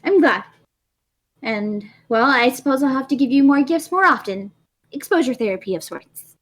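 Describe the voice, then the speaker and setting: A flirtatious snake-bodied woman, as a woman puts her on at a tabletop game. Her slightly high voice stays playful and teasing as she nudges a shy friend toward romance. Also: lively intonation, moderate pace.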